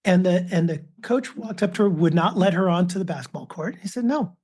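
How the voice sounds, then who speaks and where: A man's voice: sits high, brisk, darkish tone, husky. A man in his fifties, a father and author, telling stories as a guest in a casual podcast interview. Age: 50s. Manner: anecdotal, acts out quoted voices.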